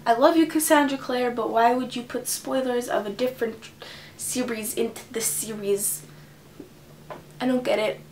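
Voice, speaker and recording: A woman's voice: a little high, fairly even intonation, moderate pace, a little mellow, a little hiss or hum. A teenage girl chatting to camera about books she plans to read, bubbly and gushing. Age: teens. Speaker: book vlogger. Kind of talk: casual chat to camera.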